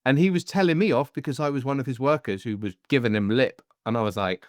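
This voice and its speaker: A man's voice: medium pitch, fast talker, no room sound. A man hosting a podcast in casual chat, rambling and jokey, often slipping into voices while telling stories, recorded close on a studio mic. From Devon, England. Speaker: podcast host. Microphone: headphones and studio mic.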